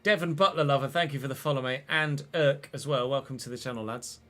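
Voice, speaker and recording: A man, chatting and commentating excitedly while streaming a football game. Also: medium pitch, quick pace. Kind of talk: live gameplay commentary.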